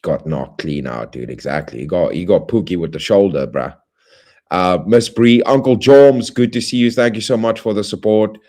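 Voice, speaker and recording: A man hosting a livestream, closing with rambling, friendly shout-outs to viewers in playful slang. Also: low-pitched, normal speed. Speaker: livestream host. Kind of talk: casual stream sign-off.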